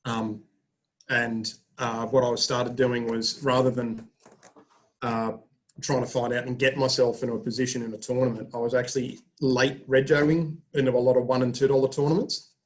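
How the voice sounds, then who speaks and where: Dude on a zoom call, pretty monotone, telling a poker story slowly. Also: male voice, medium pitch. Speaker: poker group member. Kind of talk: casual chat on a video call. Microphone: video call.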